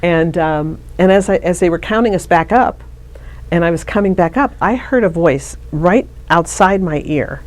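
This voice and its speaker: A middle-aged interview guest recounts something from her own life, chatty and prone to restarts. Her voice sits at a fairly low pitch, a little mellow, at a normal speed. The setting is a casual interview conversation.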